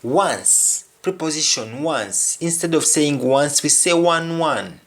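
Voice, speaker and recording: A man's voice: fairly high pitch, animated, takes it slowly, a bit bright. A man teaching a language lesson, repeating each word several times as he explains it. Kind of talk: spoken lesson on patois phrases.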